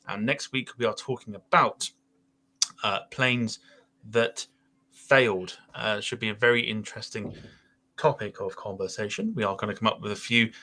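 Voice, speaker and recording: A man's voice: lowish voice, pushed and bright. A man hosting a casual podcast chat, rambling a little with fillers as he goes. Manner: rambling, with frequent fillers and laughs. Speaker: podcast host.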